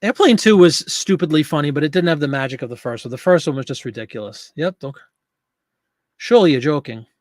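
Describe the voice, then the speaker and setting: A man's voice: on the high side, fast, hardly any pauses, no echo, clean studio sound. A man in his fifties hosting a live listing stream, chatting casually, joking and talking to viewers in chat.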